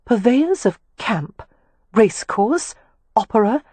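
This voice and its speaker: Narrator doing a reserved, skeptical young lady companion; raised, husky, close and dry. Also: mid-range voice, very animated, takes it slowly, a little mellow, dry recording, pitched above the performer's own voice. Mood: earnest. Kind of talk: audiobook character reading.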